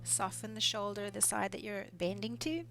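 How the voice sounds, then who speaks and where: A woman leads a neck mobility session as a physiotherapist, speaking at an ordinary middle pitch. She cues each movement calmly and gently, with encouragement along the way. Faint guitar music plays quietly behind her. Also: normal speed, gravelly. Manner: calm, encouraging step-by-step cueing. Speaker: physiotherapist instructor. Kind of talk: guided exercise instruction.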